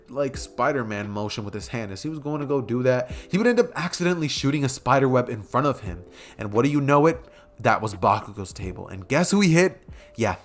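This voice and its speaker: A man casually narrating a fan story, rambling and correcting himself as he goes. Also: medium pitch.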